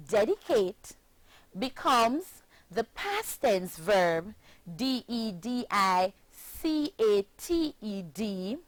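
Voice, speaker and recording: A Jamaican woman with a fairly high voice teaches children pronunciation, chanting phrases slowly in a sing-song way and patiently spelling words out letter by letter. The recording is rough and has no room sound.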